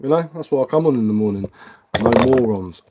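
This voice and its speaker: A man's voice: medium pitch, expressive, a little fast, lo-fi sound, noisy background. A man, reading chat aloud on a live stream while carving, blunt and mocking. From England.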